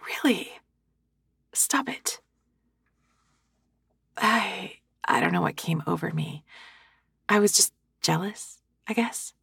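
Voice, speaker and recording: A woman voicing a hungover young woman who swears and apologizes to the listener in an audio role-play, with halting, self-deprecating talk, close to a sensitive microphone. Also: on the low side, creaky, a bit bright, husky, no echo, pitched below the performer's own voice, heavily acted. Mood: sheepish.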